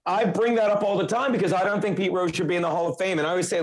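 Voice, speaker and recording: A man's voice: sits high, very fast, few pauses. A man hosting a podcast, talking in a blunt, profane, jokey way in casual chat. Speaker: podcast host.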